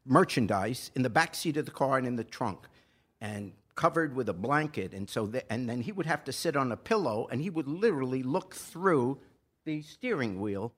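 A man's voice: medium pitch, animated, normal speed, a bit bright. An older man and podcast host telling a personal story in a casual, earnest way that grows impassioned and pleading.

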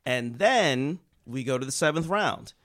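A man telling a sports history story on a podcast in a casual, animated way, acting out quotes and swearing freely. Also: unhurried, no echo, studio quality. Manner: animated, acts out quotes with big pitch jumps and swearing.

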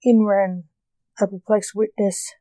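Slow, mellow woman reading a story. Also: medium pitch, flat delivery, no room sound. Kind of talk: reading a short story aloud.

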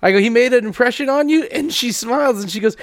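High, gravelly man telling teasing stories. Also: fast, no room sound. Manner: teasing anecdotes, laughs often. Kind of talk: casual chat.

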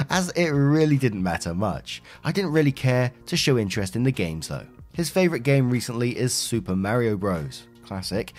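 A man's voice: medium pitch, a little mellow. A man reading an online post aloud and then chatting about it in a casual, conversational way. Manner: chatty, conversational, with fillers and asides. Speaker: host reading and commenting on online posts.

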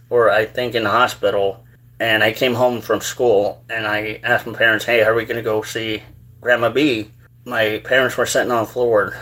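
A man hosting his own show, telling a personal story in a halting, rambling, earnest way. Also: fairly low pitch, a bit bright. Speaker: show host.

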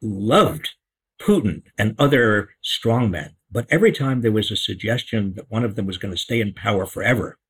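A man's voice: lowish voice, animated, normal speed, fairly bright tone, husky, poor audio. A man in a casual political discussion, speaking emphatically and repeating words for stress.

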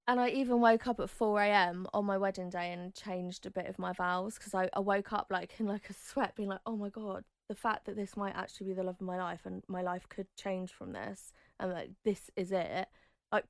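A woman in her thirties, a guest telling her story in an interview, chatty and animated, acting out quotes with sudden high squeals. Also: dry recording, studio quality.

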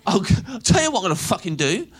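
A man's voice: high-pitched, sing-song, fast, a bit bright, husky, full character voice. A man quoting an aggressive young man who swears and threatens violence on a bus. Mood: menacing.

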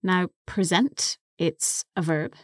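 A woman co-hosting a podcast English lesson, explaining words slowly and carefully into a close studio mic. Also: fairly low pitch, no echo. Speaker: co-host and English teacher.

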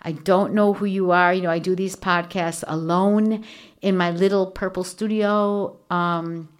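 Speaking a little slowly in a fairly low, steady voice, a woman hosts a devotional podcast on her own from a small home studio. Her talk is earnest, chatty and heavy with fillers, captured on a studio microphone while she wears earphones.

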